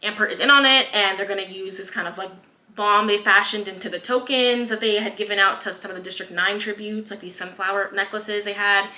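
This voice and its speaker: A woman chats casually on a podcast, retelling scenes and slipping into the characters' voices, with plenty of "like" and "um". Her voice is bright and lively, recorded in an echoey room. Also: medium pitch, a little fast. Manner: swears casually, fillers like "um" and "like". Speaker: podcast co-host. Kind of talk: casual book review chat.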